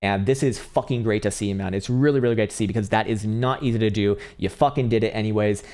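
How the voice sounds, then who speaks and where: Male live-stream host, lowish voice, casual and profane, thinks aloud over charts. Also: fast talker. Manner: swears freely, thinks aloud while reading charts; bursts into excited, high-pitched cheering. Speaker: livestream host answering chat about crypto charts.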